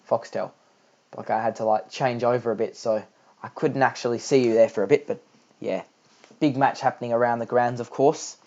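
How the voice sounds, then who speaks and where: A man's voice: mid-range voice, a little mellow. Aussie guy doing homemade cricket commentary, chatty, rambly, kinda dull mic. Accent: Australian. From Australia. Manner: chatty, rambling, many fillers and restarts.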